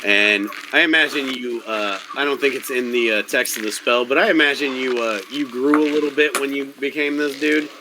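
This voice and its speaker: A man's voice: medium pitch, fairly quick, few pauses, background noise. A man running a tabletop game as game master, talking casually with swearing and restarts. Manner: casual, profane, stop-start.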